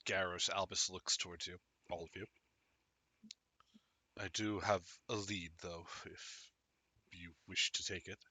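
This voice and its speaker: Low, bright-toned, earnest weary knight voiced by a man, dry close sound. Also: steady tone, a little slow, long pauses, dry recording, exaggerated voice. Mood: solemn. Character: Albus, weary loyal male knight NPC.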